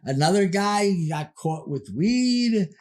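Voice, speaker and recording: High-pitched male podcast guest, animated storyteller who acts out quotes. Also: slow. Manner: animated anecdote telling, acts out quoted voices. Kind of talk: casual storytelling.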